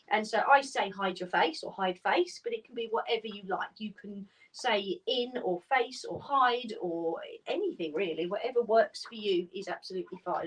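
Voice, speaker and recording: A woman walks viewers through dog training in a clear, practical teaching manner. Her pitch sits in the middle range. The voice is picked up from some distance from the mic. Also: a bit bright. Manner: clear, practical explaining, breaks into high praise for the dogs. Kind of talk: instructional video.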